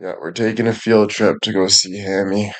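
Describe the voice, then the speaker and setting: A man talking loosely on a stream, his voice sitting a little low. He rambles, swears freely and leans on fillers between his thoughts. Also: steady tone, normal speed. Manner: rambling, profane, with lots of filler words. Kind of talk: casual chat.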